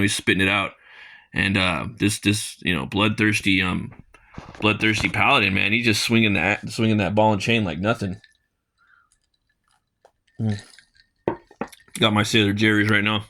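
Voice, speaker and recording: A man's voice: on the low side, bright, forceful tone. A man casually reviewing a comic page by page, rambling with lots of fillers and reading dialogue aloud.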